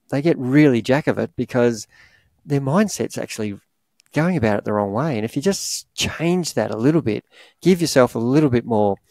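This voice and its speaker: A man's voice: mid-range voice, darkish tone, no echo. A middle-aged Australian man, a triathlon coach co-hosting a podcast, giving rambling, encouraging advice with many restarts.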